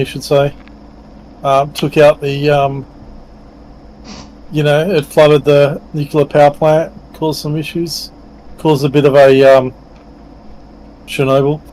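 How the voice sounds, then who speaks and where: A man's voice: on the high side, little pitch movement, slow, long pauses, darkish tone, a little hiss or hum, rough recording. A man chatting in a friendly way with gaming friends, rambling with lots of fillers. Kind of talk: casual chat while gaming.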